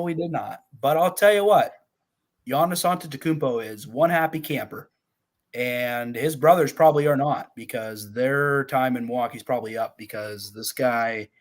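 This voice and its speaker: A male podcast co-host who moves the conversation along at a steady, measured pace. He drops folksy turns of phrase as he walks through the news. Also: mid-range voice. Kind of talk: casual sports chat.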